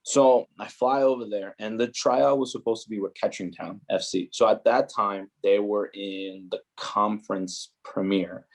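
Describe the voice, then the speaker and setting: Young guy on a podcast, kinda low voice, rambling animated stories, says like a lot. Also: moderate pace, few pauses. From New Jersey, USA. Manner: animated, heavy use of "like" and "you know". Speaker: podcast guest, footballer. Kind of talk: casual storytelling chat.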